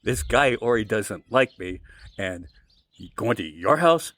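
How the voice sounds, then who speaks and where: A man's voice: fairly low pitch, measured pace, no echo. A man co-hosting a podcast, telling a long, rambling story casually and acting out the quoted lines. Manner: rambling, animated retelling with quoted dialogue. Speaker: podcast co-host.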